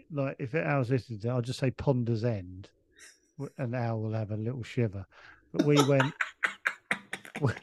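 A man's voice: medium pitch, darkish tone, no echo. A man, a comedian guest on a podcast, telling a long stop-start anecdote with plenty of swearing and restarts.

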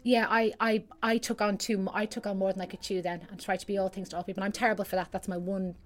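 Appearing as a guest, a middle-aged singer from Ireland rambles through stories in casual chat, restarting often. She talks fast with a medium-pitched, flat delivery, and the recording carries a little hiss or hum.

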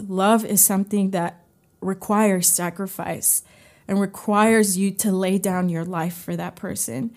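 A woman's voice: medium pitch, darkish tone. A woman hosting a devotional podcast, giving an earnest, heartfelt teaching with fillers. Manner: unhurried, with fillers. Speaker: podcast host.

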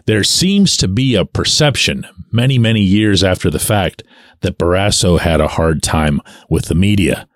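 A man hosting his own sports podcast, giving opinionated commentary in a sardonic, animated way with muttered asides. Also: deep voice, moderate pace, dry recording, studio quality. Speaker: podcast host and sports columnist.

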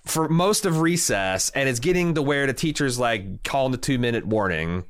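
Male storyteller, thirties, Indiana-raised; lively, swinging delivery, casual and profane. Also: mid-range voice, moderate pace. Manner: animated storyteller, swears freely, lots of fillers. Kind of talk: casual chat.

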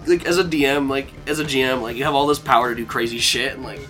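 A man's voice: medium pitch, quick pace, sharp tone, faint music behind. A man narrating a tabletop game as game master, rambling and laughing with casual swearing.

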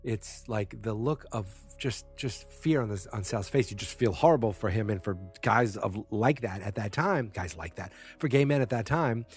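A man's voice: fairly low pitch, animated, moderate pace, hardly any pauses, husky, faint music behind. A man giving a casual spoken recap of a TV episode, rambling with many fillers and self-corrections, and blunt in his opinions.

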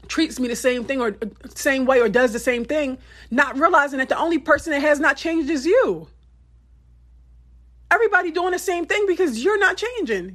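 A woman giving a candid motivational monologue, blunt and emphatic, often profane, with lively swings in pitch. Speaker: motivational speaker.

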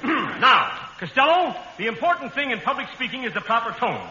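A man's voice: very high-pitched, sing-song, fairly quick, pushed and bright, muffled recording, exaggerated voice. An actor playing a pompous, long-winded male professor of public speaking in an old radio comedy, broadcast from a hall.

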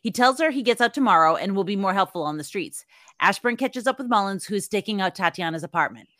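A woman co-hosting a casual movie podcast, reading a quick, joking plot recap. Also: medium pitch, animated, a bit bright, dry recording, clean studio sound. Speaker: podcast co-host.

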